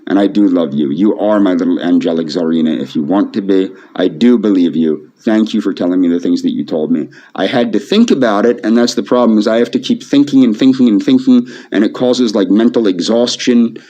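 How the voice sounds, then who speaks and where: A man speaking softly to camera in a pleading, repetitive, emotionally flat way. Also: on the low side, a little fast, hardly any pauses. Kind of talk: pleading video monologue. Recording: dull lo-fi video audio.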